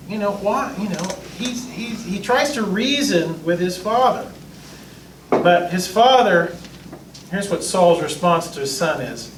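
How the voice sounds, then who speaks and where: Joking and lively, a male pastor leads a casual Bible class, voicing what the people in the stories say. He has a high voice, with slight background noise, an echoey room and a far-off mic.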